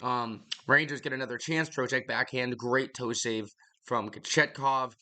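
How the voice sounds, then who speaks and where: A man's voice: mid-range voice, fairly even intonation, unhurried, pushed and bright. A young man hosting a podcast, rambling bluntly through casual hockey commentary, out of breath and swearing freely. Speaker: podcast host.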